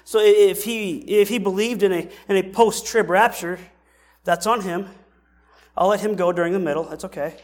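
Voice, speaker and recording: A man's voice: high-pitched, fairly even intonation, moderate pace. A male pastor preaching a sermon in a conversational way, asking rhetorical questions and often restarting his sentences.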